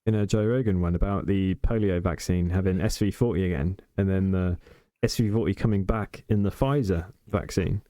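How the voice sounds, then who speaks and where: A male podcast host asking loose, halting questions in casual conversation. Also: low voice, warm tone, no room sound, studio quality.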